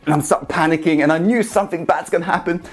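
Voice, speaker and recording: A man's voice: fairly high pitch, quick pace, soft background music. A man giving an earnest, emphatic motivational talk straight to camera, speaking to the viewer as one person. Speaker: motivational YouTube host. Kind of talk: direct-to-camera coaching talk.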